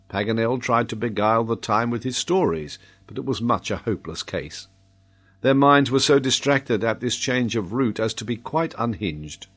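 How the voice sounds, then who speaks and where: A man reading a classic novel aloud in scripted narration. His delivery is measured and formal, with an even, mid-pitched voice. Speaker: audiobook narrator.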